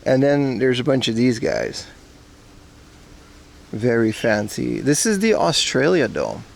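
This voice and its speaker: A man's voice: mid-range voice, very animated, slow, vocal fry, slight background noise. A man from Aruba joking and swearing as he chats to viewers on a casual outdoor livestream. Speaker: streamer. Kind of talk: casual IRL livestream chat. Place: outdoors at a zoo park.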